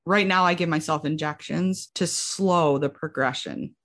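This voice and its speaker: A woman's voice: low voice, measured pace. Young woman in her 20s, casual storytelling, lots of "like", acts out what people said. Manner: animated, acts out quotes with lots of "like". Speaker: guest sharing her story.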